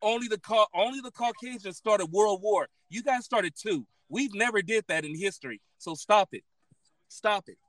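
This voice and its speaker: A man from the United States arguing loudly, combative and repetitive, swearing as he talks over the other speaker. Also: high-pitched, animated, normal speed, no room sound. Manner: loud, combative, repetitive, profane. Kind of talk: heated argument.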